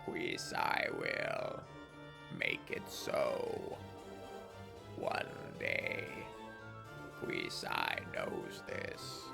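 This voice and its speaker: A man voicing a ponderous, stone-skinned male monk who speaks slowly in the third person with a deep grinding rumble. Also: completely flat delivery, vocal fry, over music, full character voice. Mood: solemn. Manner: slow, halting, speaks of himself in third person. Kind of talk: reading game dialogue aloud.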